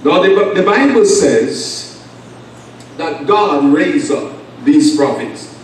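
An Antiguan man preaching with a fairly high voice and emphatic, drawn-out delivery. He sounds set back from the mic in a very echoey church, with faint room noise behind him. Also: lively intonation, far from the mic. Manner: emphatic preaching with call-and-response and long pauses. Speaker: pastor. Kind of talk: sermon. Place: church sanctuary.

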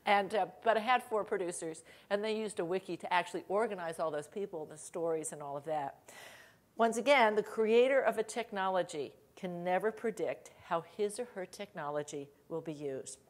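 A middle-aged woman giving a conference keynote, telling lively anecdotes with laughter and acted quotes. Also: fairly low pitch, normal speed. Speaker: keynote speaker. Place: conference hall stage.

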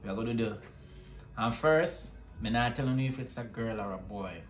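A man's voice: mid-range voice, normal speed. A Jamaican man chatting casually as a family vlogger, talking to viewers at home and often checking in with a repeated "you see me?". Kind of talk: casual vlog chat. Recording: echoey room with music behind.

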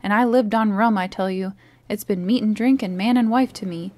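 A woman's voice: mid-range voice, fairly quick, darkish tone, dry recording, lightly acted. A woman doing a feeble, pleading old sea captain. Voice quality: feeble, wheedling.

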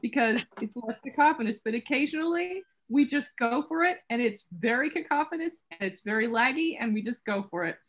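A woman's voice: a little high, animated, fairly quick, few pauses, fairly bright tone. A woman hosting a casual video call chat, enthusiastic and chatty. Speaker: host.

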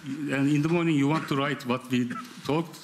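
A man with a Turkish accent, a film director answering at a press conference in halting English, full of fillers and laughing often. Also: medium pitch, fairly even intonation, noisy background.

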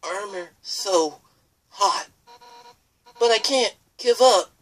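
A let's player giving excitable, jokey gameplay commentary. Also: mid-range voice, slow.

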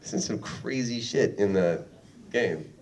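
Man, convention panel guest, low voice, very lively intonation, joking, recorded from afar. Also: takes it slowly, far from the mic. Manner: joking, teasing, laughs often, restarts. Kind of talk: casual convention panel talk. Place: convention panel room with audience. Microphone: filmed from the audience.

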